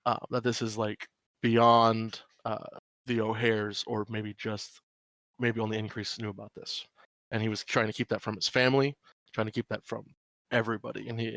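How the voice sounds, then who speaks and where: A man narrating as game master of a tabletop horror game, talking in halting stretches with many fillers. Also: on the low side, level tone, fairly bright tone, dry recording. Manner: halting, full of fillers and restarts.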